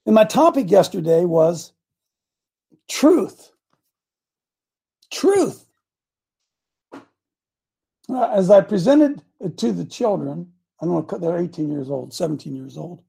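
An older man preaching a sermon as pastor, impassioned and repetitive, with sudden bursts of loud emphasis. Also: high-pitched, very animated, slow, vocal fry, pauses often, husky.

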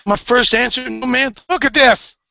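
A man preaching fervently, swinging between hushed and loud, sounding tearful. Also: very high voice, steady tone, normal speed, gravelly, no echo. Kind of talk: impassioned preaching. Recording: dull lo-fi recording.

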